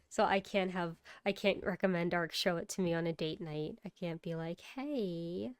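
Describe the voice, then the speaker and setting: A woman's voice: lowish voice, moderate pace, clear, resonant tone, no echo, clean studio sound. A woman streamer chatting casually with her live chat during a horror game, sleepy and laughing often.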